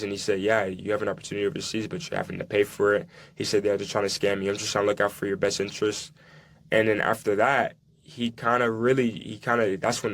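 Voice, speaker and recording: A young man with a fairly low voice tells his story in an even tone. He acts out dialogue from his past and restarts his sentences often. This is a casual sit-down conversation. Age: young adult. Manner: recounts dialogue, halting restarts. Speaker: guest, soccer player.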